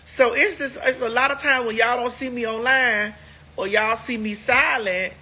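A woman's voice: fairly high pitch, steady tone, moderate pace, sharp tone, breathy edge. A woman hosting a casual livestream, chatting to viewers in a sassy, emphatic way, stretching words out for effect. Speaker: livestream host.

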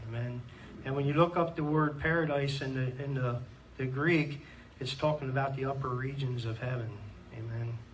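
A man with a Pennsylvania American accent preaches in a church, reading scripture earnestly and dropping in frequent amens. He sits at a middling pitch, picked up by a mic set some way off. Faint room noise hangs under his voice. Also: fairly even intonation, moderate pace, hardly any pauses, far from the mic, rough recording. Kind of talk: sermon. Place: church hall.

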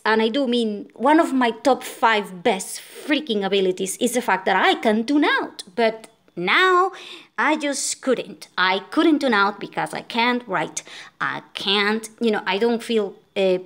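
A woman's voice: on the high side, lively intonation, unhurried. A woman from Venezuela, exhausted, telling a story as a frustrated vlogger rant, full of fillers and restarts.

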